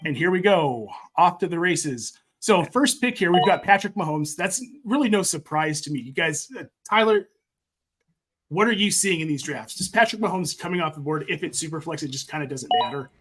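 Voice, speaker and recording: A man's voice: a little high, expressive, a little fast, breathy edge. A man hosting a fantasy football podcast live stream, upbeat and friendly, reading out chat comments. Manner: friendly, reads chat shoutouts. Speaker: podcast host.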